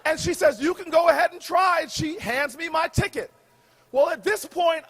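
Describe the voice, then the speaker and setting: A man in his forties giving a humorous commencement speech, shouting his punchlines with a preacher-like call and response. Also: extremely high pitch. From United States. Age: 40s. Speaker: commencement speaker. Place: outdoor graduation ceremony stage.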